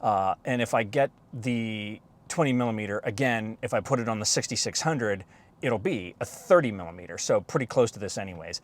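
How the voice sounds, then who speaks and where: A man chatting casually as a photography vlogger from inside his parked car, recorded by a camera on the dashboard, relaxed and rambling with casual swearing. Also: on the low side, fairly quick. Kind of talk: casual rambling vlog talk. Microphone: camera mounted on the dashboard.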